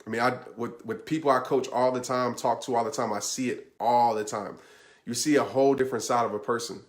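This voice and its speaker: A man's voice: medium pitch, fairly even intonation, a little fast. A man giving an earnest, conversational motivational talk, speaking straight to his listeners and often checking in with "right?". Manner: earnest, repeats "I promise you" and "right?". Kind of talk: motivational talk answering a question.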